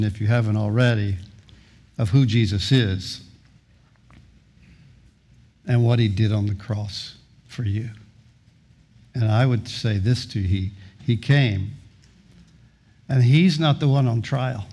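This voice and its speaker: A man's voice: mid-range voice, measured pace, long pauses, warm tone. A middle-aged male pastor preaching a sermon, telling a story and acting out its voices, often repeating words as he starts sentences. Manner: storytelling, acts out voices in anecdotes.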